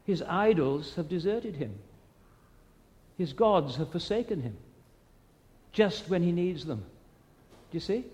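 Male preacher, high-pitched, asks rhetorical questions, recorded with long hall reverb. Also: lively intonation, takes it slowly, long pauses, darkish tone. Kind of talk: sermon.

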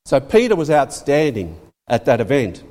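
A man's voice: mid-range voice, wildly swooping pitch, normal speed, warm tone. A man preaching a sermon, emphatic, repeating phrases and leaning hard on key words. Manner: emphatic, rising and falling for stress, repeats phrases. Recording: long hall reverb.

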